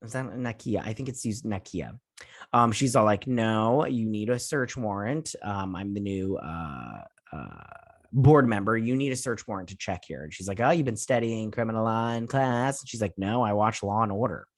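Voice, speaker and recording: A man's voice: on the low side, lively intonation, moderate pace, dry recording, studio quality. A man from the United States hosting a casual episode recap, rambling with lots of fillers and restarts. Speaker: host.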